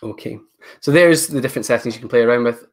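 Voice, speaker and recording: Male trainer, relaxed, thinks aloud mid-demo, computer mic on a call. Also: mid-range voice, fast. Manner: casual, thinks aloud while clicking through settings. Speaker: education technology presenter. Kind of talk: live online training session.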